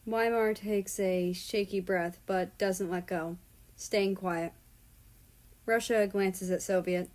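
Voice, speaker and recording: A woman reading a story aloud in a calm, steady narration. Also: medium pitch, takes it slowly. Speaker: story reader. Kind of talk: reading fan fiction aloud.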